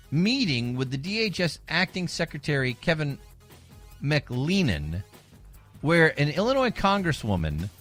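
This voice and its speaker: Lively, sarcastic male radio talk host. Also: a little high. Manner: animated, sarcastic, mocks opponents. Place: radio studio. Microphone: studio microphone.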